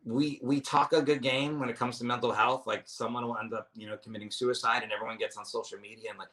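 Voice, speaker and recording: A comedian guest tells stories in a casual chat at a quick pace. His voice is medium-pitched, steady and a bit bright, and he rambles, restarts and swears without restraint.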